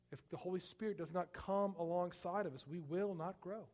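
A man's voice: high voice, fairly quick, darkish tone. A male pastor preaching a sermon, building to emphatic bursts on scripture and often repeating words as he goes. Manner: frequent word repeats and restarts.

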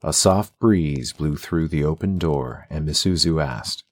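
A man narrating a fantasy audiobook with a steady, even storytelling delivery. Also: rumbling low, measured pace, no echo.

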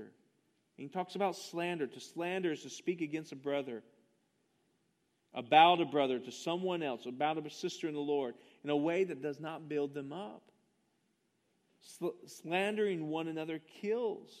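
A pastor with a high, light, slightly mellow voice delivers a sermon with emphatic fervor, stressing every point. He presses rhetorical questions on the congregation.

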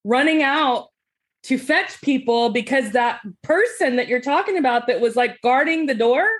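A woman hosting a casual interview, easygoing and quick to laugh. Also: high voice, expressive. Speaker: podcast host.

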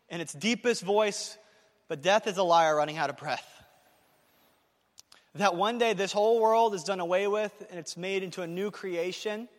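A man preaching a sermon to his church, talking fast and excitedly, with emphatic repetition. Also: high voice, in a large hall. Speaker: pastor. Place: church sanctuary.

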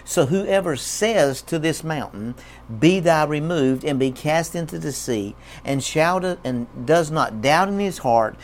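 A man's voice: a little high, expressive, unhurried. A man preaching a sermon as a pastor, emphatic and repeating key words.

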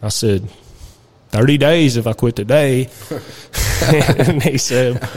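A man's voice: mid-range voice, slow pace, a little mellow. A young man, a podcast guest telling his life story in a candid, rambling way and swearing freely. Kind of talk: casual storytelling interview.

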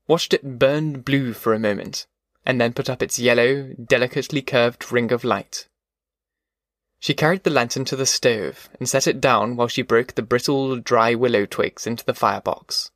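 A man reading a novel aloud in measured, descriptive narration. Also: mid-range voice, steady tone, a bit bright, no echo, clean studio sound. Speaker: audiobook narrator. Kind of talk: scripted narration.

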